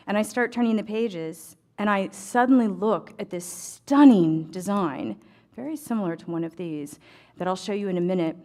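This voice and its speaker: Middle-aged american woman telling a story to a crowd, lively, does the voices. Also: mid-range voice. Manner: animated, acts out dialogue, chatty fillers. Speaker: ecclesiastical tailor and embroidery speaker. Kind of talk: storytelling talk to an audience.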